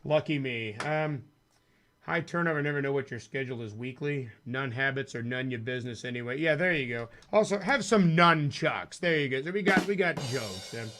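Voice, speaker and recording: A man's voice: mid-range voice, lively intonation, moderate pace, fairly bright tone. A man streaming a retro arcade game, joking and chuckling through casual commentary. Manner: jokey, chuckles often, drops into comic voices. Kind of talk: casual live-stream commentary over gameplay. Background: game music.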